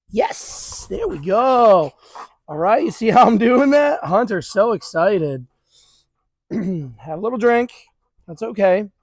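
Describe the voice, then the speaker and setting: A man with a fairly high voice talks viewers through a dog training drill outdoors, mixing calm explanation with quick praise for the dogs. The sound is dry and close, with little room around it. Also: dry recording. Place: outdoors near grass.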